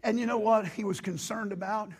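A male pastor preaching a sermon in a church with impassioned, rising delivery, hoarse from losing his voice. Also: high voice, steady tone, a little fast.

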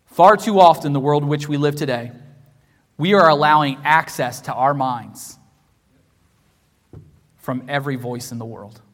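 A high-pitched male pastor delivers a sermon with emphatic repetition, dropping to near-hushed lines and then climbing to loud, raised declarations. His voice rings through a church sanctuary with a long, trailing hall reverb. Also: unhurried, pauses often. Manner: emphatic preaching, repeats phrases, swings from hushed to loud.

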